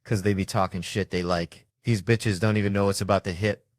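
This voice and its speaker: Man, stand-up comedian, profane, exasperated, animated storytelling, lowish voice, dry close sound. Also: brisk, no room sound.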